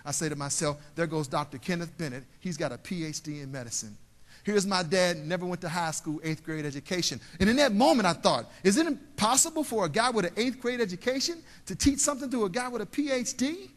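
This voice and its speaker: Man, keynote speaker, high voice, big echoing convention hall, call-and-response storytelling. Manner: preacher-like call and response with the audience; storytelling, drops quiet and soft for emotional parts. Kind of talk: motivational keynote speech. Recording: long hall reverb, live stage.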